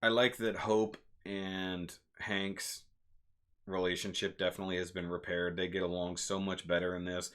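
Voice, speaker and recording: A man with a fairly low voice chats casually on a home live stream. He rambles and gets animated, then laughs at himself. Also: normal speed, clear, resonant tone. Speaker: movie reviewer, channel host.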